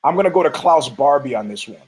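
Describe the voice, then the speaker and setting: A man's voice: mid-range voice, expressive, quick pace, a little mellow, breathy edge, rough recording. Profane, rambling man from Detroit. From Detroit, United States. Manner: profane, laughing, frequent restarts. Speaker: podcast host. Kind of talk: rambling casual commentary.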